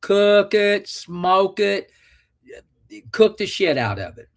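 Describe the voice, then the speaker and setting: A man's voice: sits high, sing-song, takes it slowly, creaky. Folksy, crude-joking male radio host. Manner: folksy, crude, rambling humor. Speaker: call-in show host. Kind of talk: casual call-in talk.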